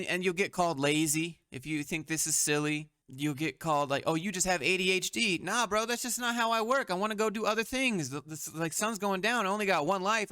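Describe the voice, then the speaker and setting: A man's voice: fairly high pitch, sharp tone, smooth, dry recording, studio quality. A man hosting a commentary show, reading memes aloud and mocking them bluntly, swearing often. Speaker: host. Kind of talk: sarcastic meme commentary.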